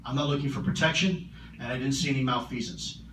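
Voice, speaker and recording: A man answering audience questions at a conference, earnest and measured, often repeating his words. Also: mid-range voice. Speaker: conference keynote speaker. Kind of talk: public Q&A answers. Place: large conference hall. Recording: roomy hall, distant mic, noisy.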